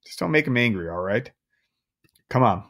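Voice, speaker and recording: Man doing a gentle worried mom, soft, pleading, storybook voice. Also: mid-range voice, expressive, moderate pace, creaky. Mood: anxious.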